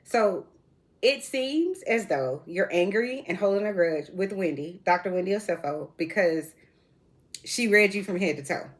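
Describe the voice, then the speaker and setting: A woman's voice: medium pitch, expressive, a little slow. A woman hosting her own reality TV recap show, talking casually and bluntly to her viewers in slangy, sassy asides from indoors at home.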